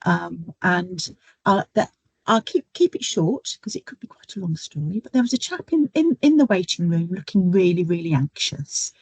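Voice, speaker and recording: A middle-aged woman speaking on a webinar, telling stories from her nursing work in a chatty way and pausing on frequent ums. Her fairly low voice has a gravelly, husky texture. The video-call sound is dry and close. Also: expressive, no room sound, rough recording. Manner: chatty, storytelling, frequent "um" fillers. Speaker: guest speaker, nurse educator. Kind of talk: webinar talk with anecdotes.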